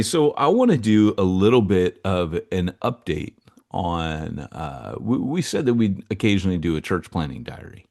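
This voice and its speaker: A man co-hosting a podcast, telling stories in casual, slangy chat with lots of asides. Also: sits low. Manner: animated storyteller, slangy, fond of asides. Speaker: podcast co-host.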